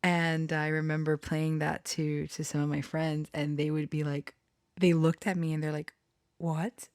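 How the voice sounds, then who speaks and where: A woman who channels and tells stories talks through a wandering personal story in a casual monologue, often giggling and restarting her sentences with many fillers, in a self-conscious, embarrassed way. Her low voice is level and slightly mellow with a clean tone, at normal speed. The audio is clean studio sound with no room sound.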